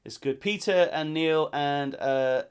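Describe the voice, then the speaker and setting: A man's voice: fairly high pitch, slow pace, clean tone. A man from England hosting a live-streamed pub quiz, reading out answers and teasing players in a jokey, playful way.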